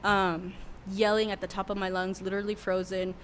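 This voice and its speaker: A woman's voice: mid-range voice, flat delivery, brisk, a little hiss or hum. Young woman telling a candid personal story. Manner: candid, emotional storytelling with many fillers. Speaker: worship leader, podcast guest. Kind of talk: casual podcast interview.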